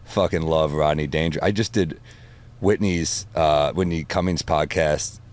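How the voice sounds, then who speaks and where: A man telling animated stories in casual podcast chat, swearing freely. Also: rumbling low, measured pace. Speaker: comedian guest.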